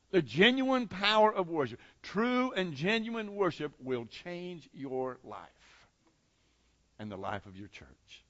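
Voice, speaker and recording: A pastor preaching a sermon to his congregation, swinging between loud declarations and soft, intimate passages. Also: sits high, no echo, lo-fi sound. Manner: impassioned preaching with dramatic swings in volume.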